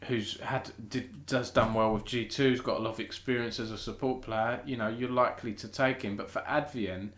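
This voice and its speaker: A man's voice: mid-range voice, fairly even intonation, normal speed, hardly any pauses, a bit bright, reverberant. A British man hosting a casual live-streamed esports news chat. He talks in a chatty way, restarts often and thinks aloud.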